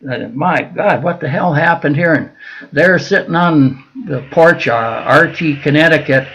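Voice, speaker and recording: An older veteran from Minnesota, a guest on a casual interview, tells long rambling stories full of fillers and restarts. His voice is a little high, slightly bright and husky, and he speaks a bit slowly; the recording is rough.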